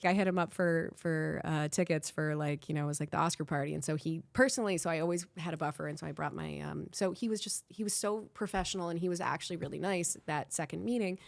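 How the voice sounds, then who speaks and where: A woman podcast host from Miami telling a candid anecdote, rambling and animated, full of "like" and restarts, blunt and profane. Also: deep voice, fast talker, creaky, hardly any pauses. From Miami, Florida.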